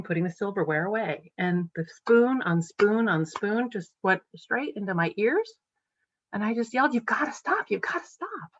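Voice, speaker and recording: A woman in her forties with a Boston-area accent tells her story in an earnest, emotional way, with frequent ums. Her voice sits a little low. The sound is dry and slightly dull, like a remote call mic. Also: a bit bright, no room sound. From New England. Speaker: podcast guest. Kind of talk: personal recovery story.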